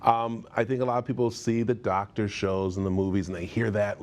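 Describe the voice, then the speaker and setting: A man's voice: lowish voice, little pitch movement, fairly quick, a little mellow. A man in his fifties hosting a TV morning show, chatting in a studio interview with a friendly manner and many fillers. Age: 50s.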